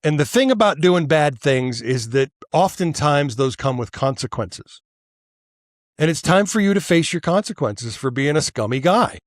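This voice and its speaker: Man, podcast host, furious rant, swearing, stammering restarts, slightly high voice, dry close sound. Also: lively intonation, moderate pace, no room sound. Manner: heated, profane ranting with stammered restarts. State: worked up and angry. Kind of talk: angry political monologue.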